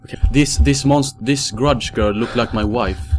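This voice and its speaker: A man's voice: medium pitch, unhurried, noisy background. A man commentating a horror game playthrough, panicky and given to yelping and repeating himself.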